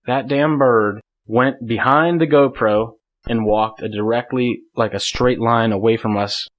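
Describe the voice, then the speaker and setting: A man's voice: mid-range voice, fairly even intonation, measured pace, muffled recording. A man in the middle of his vocal range tells a long story across the table as a podcast guest. He rambles and leans on filler words, breaking into laughter often as he goes. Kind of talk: casual hunting story told in conversation.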